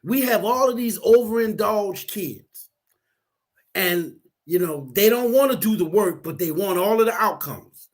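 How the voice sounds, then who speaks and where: A man's voice: high-pitched, measured pace. A man who works as a counselor, chatting on a talk show and telling stories with acted-out quotes. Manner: animated storyteller acting out quotes. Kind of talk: casual talk show chat.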